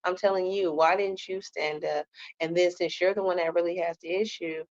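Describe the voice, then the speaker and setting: Blunt, sassy low-voiced woman. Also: fairly even intonation, normal speed, muffled recording. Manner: blunt and sassy, keeps tagging "okay?". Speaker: reality TV reviewer. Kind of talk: casual commentary.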